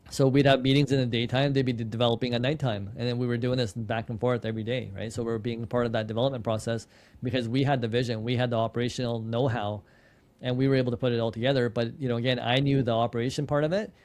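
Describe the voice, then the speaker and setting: A man's voice: medium pitch, a little mellow. A man, a podcast guest and entrepreneur, telling a story in a casual interview, often restarting words and quoting his own dialogue. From Canada. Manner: repeats and restarts words, tells anecdotes with quoted dialogue.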